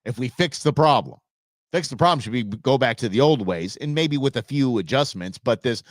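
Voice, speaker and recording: A man hosting his own show, giving blunt, animated opinion commentary from Arizona. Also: medium pitch, moderate pace, dry recording, studio quality. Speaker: show host.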